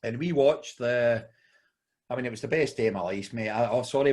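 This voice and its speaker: A man's voice: mid-range voice, brisk, a little mellow. A Scottish man co-hosting a podcast, rambling through a long story in casual chat and calling his friend mate. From Scotland. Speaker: podcast co-host.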